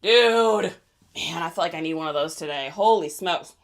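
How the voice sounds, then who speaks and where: A young adult woman hosting a casual livestream, chatty and excitable, laughing often. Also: fairly low pitch, moderate pace, creaky. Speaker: reseller livestream host.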